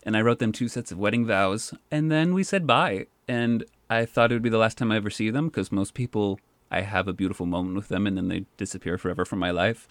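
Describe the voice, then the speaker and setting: A man who works as a park poet, telling stories in a casual, animated way and filling his speech with "like". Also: lowish voice, fast talker, few pauses, no echo. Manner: animated, says "like" often. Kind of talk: casual storytelling.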